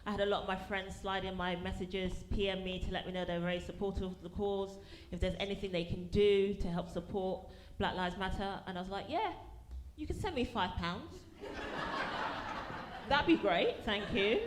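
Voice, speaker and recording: A woman's voice: mid-range voice, moderate pace. Woman doing stand-up, sassy punchy delivery, echoey venue, a bit of hiss. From London. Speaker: stand-up comedian. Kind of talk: stand-up set. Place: comedy venue with small audience. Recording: echoey live venue, faint noise.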